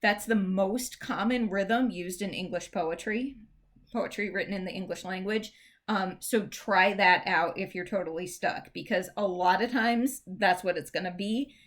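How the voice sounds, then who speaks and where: Woman teacher at middle pitch, informal, explains step by step. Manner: explains patiently, reads verse lines slowly with stressed beats; chatty, informal fillers and restarts. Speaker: English teacher. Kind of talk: recorded classroom lesson.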